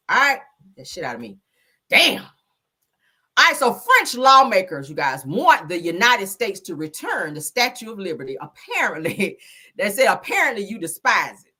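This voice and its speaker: A woman's voice: medium pitch, big pitch swings, normal speed, sharp tone, husky. A woman hosting her own commentary show, talking casually and heatedly, with lots of profanity and emphatic outbursts.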